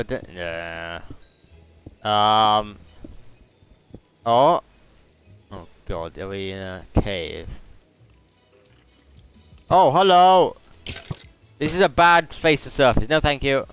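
A man's voice: fairly low pitch, lively intonation, takes it slowly, long pauses, a bit bright, clear, resonant tone, soft background music. A young British man streaming a game, chatting in a rambling, jokey way full of fillers. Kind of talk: casual gaming stream chat.

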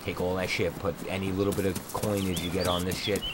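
A man's voice: sits low, a little fast. A young man streaming a game at home on a headset mic, ranting in crude, mocking slang. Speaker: gameplay streamer. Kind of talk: profane ranting gameplay commentary. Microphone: noise-cancelling headset mic. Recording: steady background noise.

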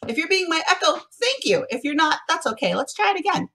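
Teaching first graders music remotely from her home, a young woman sounds bright, encouraging, and sing-song with a hint of huskiness. Her pitch runs extremely high with big swings, and she talks fast.

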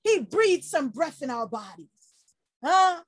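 A woman preaching an informal online sermon, lively and laughing often, acting out quoted people with sudden shouts and low murmurs. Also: slow pace, no room sound. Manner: quotes people in acted voices.

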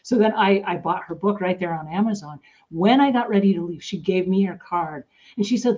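Over a muffled lo-fi recording, a woman with a lowish, darkish voice talks a little fast. As host of her podcast, she rambles through casual stories, leaning on fillers and performing the words of the people involved.

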